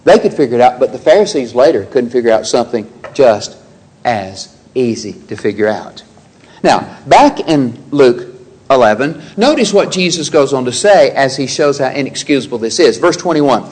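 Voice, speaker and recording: A man's voice: medium pitch, animated, normal speed, darkish tone, slightly rough, rough recording. A man preaching an expository sermon, reading scripture aloud and pressing his points with rhetorical questions.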